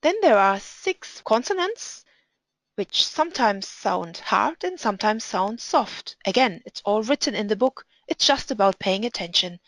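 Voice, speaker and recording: A woman's voice: medium pitch, lively intonation, a bit bright, dry recording, low-quality recording. Woman teaching Hebrew pronunciation, dry sound. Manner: patient, deliberate, reads Hebrew aloud slowly. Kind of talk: instructional explanation with reading examples.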